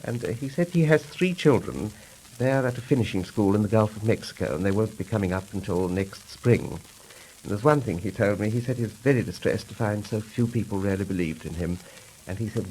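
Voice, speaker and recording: A man from Britain telling a deadpan 1930s stage comedy monologue in a dry manner. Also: lowish voice, moderate pace, a little hiss or hum, poor audio. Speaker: comic monologist.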